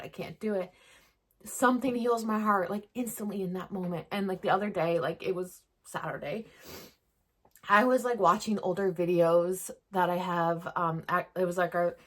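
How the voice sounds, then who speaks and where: A woman in her forties shares personal stories with her viewers in a soft, heartfelt way. She speaks at an ordinary middle pitch and fills almost every phrase with "like" and "you know.". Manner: soft, emotional, uses "like" constantly. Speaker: family vlogger. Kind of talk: casual personal talk to camera.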